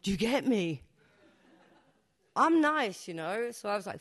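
A woman's voice: mid-range voice, very animated, moderate pace, pauses often, fairly bright tone. Woman telling a cheeky tale. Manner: chatty, self-mocking, swears freely, laughs at own jokes. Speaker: performance poet. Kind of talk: live comic storytelling. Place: stage before a live audience.

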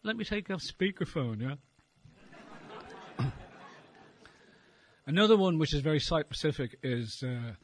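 A man's voice: on the high side, animated, measured pace, long pauses, some chatter behind. A middle-aged man with a Dublin Irish accent doing a rambling, wry stand-up set on a live stage, swearing freely. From Ireland. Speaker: stand-up comedian and poet. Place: live venue before an audience.

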